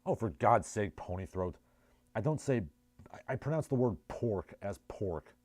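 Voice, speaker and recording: A man's voice: on the low side, expressive, normal speed, darkish tone, dry recording. A man with a New Jersey accent hosting a casual livestream, reading chat messages and riffing with sardonic, rambling asides. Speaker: livestream host.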